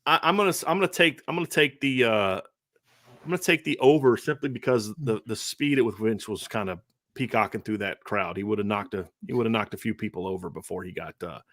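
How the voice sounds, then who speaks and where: A man hosting a casual sports podcast, talking quickly and acting out other people's quotes. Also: on the low side, no room sound, clean studio sound. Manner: fast, animated, acts out quotes. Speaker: podcast host.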